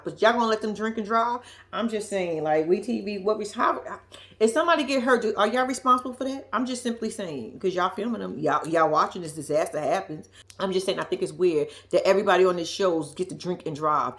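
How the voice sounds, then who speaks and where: A woman recapping a reality show episode for her viewers, blunt and profane, calling out the people on screen. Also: mid-range voice. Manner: blunt, profane, sassy, talks straight to viewers. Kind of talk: casual recap commentary.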